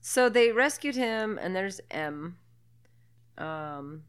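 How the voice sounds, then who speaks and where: A woman's voice: mid-range voice, animated, takes it slowly, smooth. A woman co-hosting a podcast, chatting casually over a movie, laughing often and swearing freely. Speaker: podcast co-host. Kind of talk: casual movie commentary chat.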